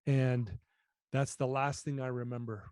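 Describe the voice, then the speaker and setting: Middle-aged guy on a podcast, candid and earnest, mellow voice, really dry close sound. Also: medium pitch, steady tone, unhurried, clean tone, dry recording. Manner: earnest, candid, repeats phrases while confessing. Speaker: guest. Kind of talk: storytelling in an interview.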